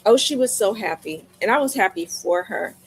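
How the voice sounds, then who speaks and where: A woman's voice: mid-range voice, lively intonation, normal speed, a little hiss or hum, low-quality recording. A woman chatting casually on her live sales stream, telling stories to her viewers and repeating lines for emphasis. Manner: talks straight to viewers. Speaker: livestream seller. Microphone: streaming mic.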